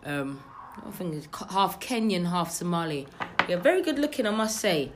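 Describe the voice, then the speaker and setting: A young woman tells a gossipy story in casual chat, lively and full of slang. Her voice sits a little low, with a faint hum of room noise behind her. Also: normal speed.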